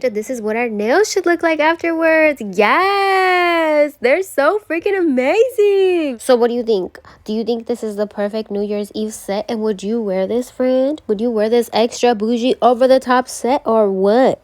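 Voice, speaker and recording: A woman's voice: a little high, a little mellow. Young woman beauty vlogger, bubbly and gushing, casual chat to camera. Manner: bubbly, gushing, chatty, addresses viewers as friend. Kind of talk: casual nail tutorial.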